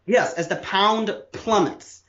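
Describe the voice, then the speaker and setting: A man's voice: high voice, takes it slowly, fairly bright tone, roomy sound, muffled recording. A man co-hosting a podcast, explaining political history in detail with a lecturing, casual manner and frequent restarts.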